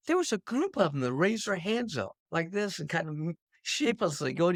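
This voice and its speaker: An older man hosting his own show, telling an anecdote to camera in an animated storytelling manner. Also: fairly quick, creaky, no room sound, studio quality. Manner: animated anecdote-telling, pitch leaps on punchlines. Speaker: host.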